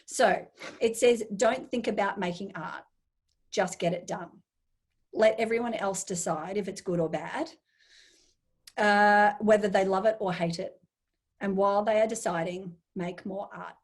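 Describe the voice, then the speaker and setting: Woman guest, lively storyteller, acts out her own thoughts, middle pitch. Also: measured pace. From Australia. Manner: animated storyteller, acts out inner voices. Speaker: interview guest, make-up artist. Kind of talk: casual interview chat.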